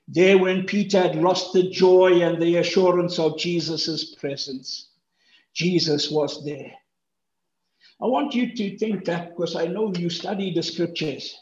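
A man preaching a sermon, animated and acting out the speakers' lines with big jumps in pitch. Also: unhurried. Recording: roomy echo, dull lo-fi sound.

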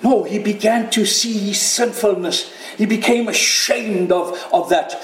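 A man with a high voice preaches slowly and deliberately, letting each phrase land. His delivery swings from quiet, low passages up to loud shouted peaks. The sound is roomy, with the echo of a church hall. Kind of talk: sermon. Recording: echoey room.

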